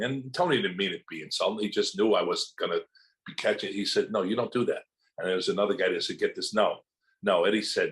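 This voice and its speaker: A man's voice: on the low side, a little fast, rough recording. An older man, an actor, telling stories in a casual interview and acting out what others said to him. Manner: animated anecdotes, acting out quotes from others.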